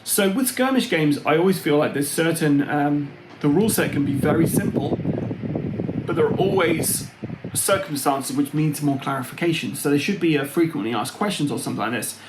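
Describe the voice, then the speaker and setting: A man's voice: on the high side, expressive, brisk. A man hosting a board game channel, chatting casually and meandering from topic to topic. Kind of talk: casual vlog chat. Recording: roomy, with loud fan hum. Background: loud fan noise.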